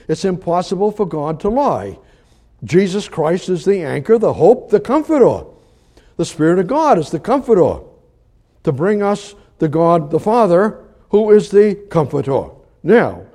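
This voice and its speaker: An older man preaching a conversational sermon, swinging between emphatic rises and quiet, low asides. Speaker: pastor.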